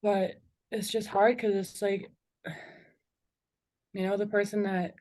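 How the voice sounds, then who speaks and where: A woman's voice: medium pitch, little pitch movement, a little mellow. A young woman speaking as an interview guest, retelling a personal story in a casual, unpolished way. Her sentences stop and restart, padded with "like" and "you know", and nervous little laughs break up the emotional moments. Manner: halting, filler-heavy speech with frequent "like" and "you know".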